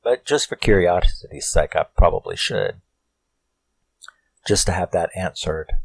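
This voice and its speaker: Low-voiced man recapping a horror film. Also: measured pace, creaky, no room sound, rough recording. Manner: rambling, profane, self-questioning asides.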